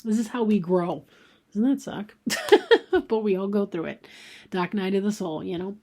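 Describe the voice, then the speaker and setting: A woman giving a casual tarot card reading, talking informally and reading card messages aloud, often slipping into a soft half-whisper. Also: medium pitch, normal speed. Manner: reads card messages aloud, thinking out loud.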